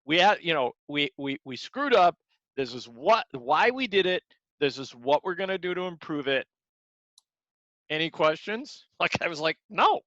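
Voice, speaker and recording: A man's voice: a little high, expressive, normal speed, fairly bright tone, dry recording. A man teaching a martial arts class, talking earnestly and repeating words as he acts out examples. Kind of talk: motivational class talk. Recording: dull lo-fi sound.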